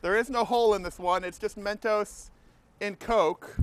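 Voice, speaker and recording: A man hosting a comedy talk show, loud, projecting and overexcited. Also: high-pitched, fairly even intonation, moderate pace, slight background noise. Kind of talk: comedy sketch.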